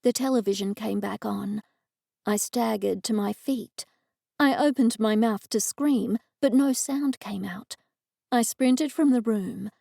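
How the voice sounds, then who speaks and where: An Australian woman narrating a cozy mystery audiobook in the first person, measured and expressive. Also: a little high, gravelly, no room sound, clean studio sound.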